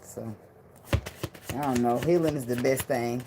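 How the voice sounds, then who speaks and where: A woman's voice: rumbling low, a little slow, background noise. A woman giving a casual tarot reading in loose slang, blunt and profane, with a lot of laughter. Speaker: tarot reader.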